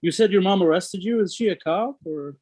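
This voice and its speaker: A man joins a casual chat and asks skeptical, probing questions. His voice sits somewhat high for a man. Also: fairly quick, background noise.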